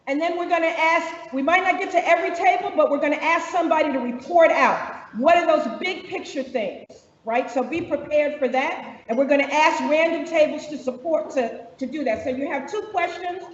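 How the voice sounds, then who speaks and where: A high-pitched woman leads a workshop, speaking directly and casually with a few fillers. She sounds distant from the mic in a large, echoey conference room. The lo-fi recording makes her voice dull. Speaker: workshop facilitator. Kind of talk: instructions to a workshop audience.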